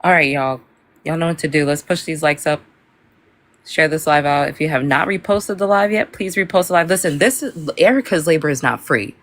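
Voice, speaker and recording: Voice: mid-range voice, a little fast, a bit bright. Easygoing panelist hyping a live stream. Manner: easygoing, hypes up viewers. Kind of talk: casual live-stream appeal.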